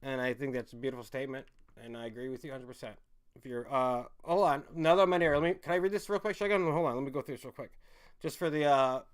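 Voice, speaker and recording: A man hosting a casual livestream, rambling and swearing as he reads chat comments aloud, with loud outbursts that drop to low mutters. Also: fast talker, smooth. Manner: swings from loud emphatic bursts to low mumbles. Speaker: livestream host.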